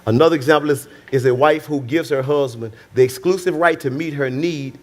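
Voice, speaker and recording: A male pastor preaches in a loose, conversational way, circling back over his words. His voice sits a little high for a man, and he calls out to the people listening. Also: brisk. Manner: conversational, repetitive, calls out to the congregation. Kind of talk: sermon.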